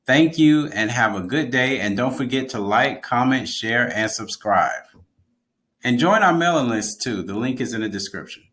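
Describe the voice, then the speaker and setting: A man's voice: medium pitch, lively intonation, normal speed, a bit bright. A man teaching an online language lesson, explaining patiently and repeating key words.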